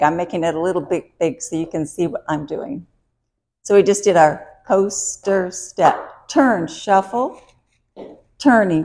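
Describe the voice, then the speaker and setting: Woman dance instructor, slow and deliberate, calls out counts and steps, upbeat. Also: medium pitch, a little mellow. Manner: counting steps aloud while dancing; upbeat and encouraging.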